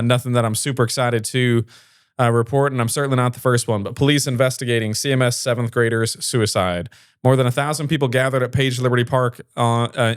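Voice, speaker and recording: A man's voice: mid-range voice, clean tone, no echo, clean studio sound. A man hosting a local news show, reading stories and chatting casually with a rambling manner and many fillers. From Fayette area. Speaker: local news podcast host.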